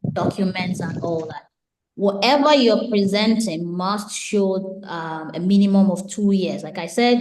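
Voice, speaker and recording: A woman's voice: mid-range voice, a little mellow. A woman hosting an online question-and-answer webinar, speaking in a mid-range voice. She politely moderates the call and directs callers one by one. The sound comes over a video call with a roomy echo. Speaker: webinar host.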